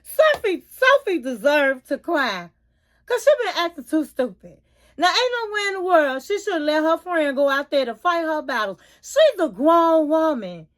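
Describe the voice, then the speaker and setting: High-voiced, sassy woman recapping TV. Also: animated, normal speed. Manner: blunt, opinionated, sassy; informal, colloquial phrasing. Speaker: YouTube reality TV commentator. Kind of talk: casual episode recap and opinion.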